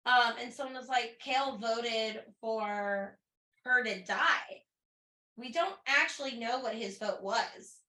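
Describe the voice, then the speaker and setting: A woman's voice: fairly high pitch, slow, bright, forceful tone. A woman co-hosting a book podcast, chatty and questioning, checking details against the text. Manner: chatty, questioning, reads passages aloud. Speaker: podcast co-host. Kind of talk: casual book-club chat. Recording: echoey room.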